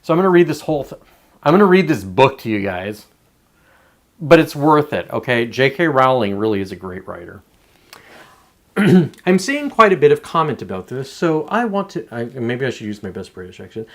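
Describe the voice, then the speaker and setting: Male show host, off-the-cuff monologue from home, rambly and profane, pitch swinging widely, mid-range voice. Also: sing-song, moderate pace. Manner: rambling, profane, self-interrupting. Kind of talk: casual political commentary monologue.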